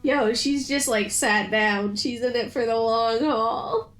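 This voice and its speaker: A woman's voice: fairly high pitch, slow pace, fairly bright tone, soft background music. A woman streaming a game in casual chat, gushing in baby-talk and laughing often.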